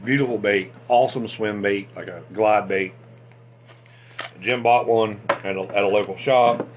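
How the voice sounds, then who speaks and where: A man hosting a fishing channel, chatting casually and excitably about tackle, with lots of restarts and fillers. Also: fairly low pitch, normal speed, background noise.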